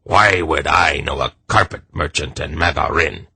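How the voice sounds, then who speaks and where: A man's voice: rumbling low, normal speed, creaky, pushed and bright, slight background noise, full character voice. A man doing a smug, belligerent little army captain. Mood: suspicious. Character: short strutting suspicious male army captain.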